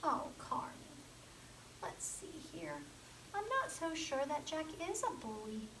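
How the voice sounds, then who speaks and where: A woman school counselor gently coaxing a puppet to talk in a lesson for children, recorded from a distant mic in an echoey room. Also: high voice, sing-song, unhurried, noisy background.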